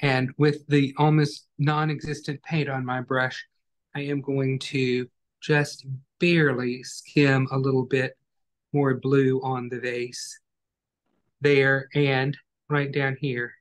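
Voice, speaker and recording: This online acrylic painting lesson is led by a man with a mid-range voice who speaks slowly, explaining each step in a calm way while he works.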